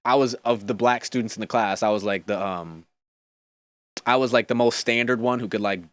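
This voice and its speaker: A young man, a podcast guest, chatting casually and telling animated stories full of fillers. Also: on the low side, fairly quick, no echo. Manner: animated storyteller, many fillers.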